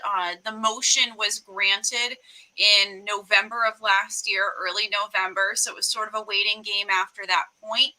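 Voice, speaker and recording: A woman's voice: mid-range voice, low-quality recording. A woman from Rhode Island answering podcast interview questions in an earnest, detailed way. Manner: earnest and detailed, steady explaining. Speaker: guest.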